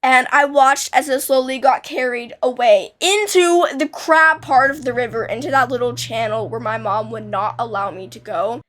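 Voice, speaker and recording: A woman's voice: fairly high pitch, fairly even intonation, normal speed, few pauses, fairly bright tone. A young woman telling a childhood story in a casual, rambling way, with many restarts and fillers.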